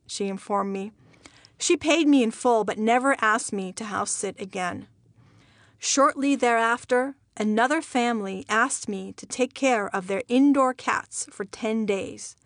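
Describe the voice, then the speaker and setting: A woman's voice: a little high, measured pace, no room sound. A woman from Iran reading her own memoir aloud with a wry, dry humor. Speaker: memoir narrator. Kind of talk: audiobook memoir narration.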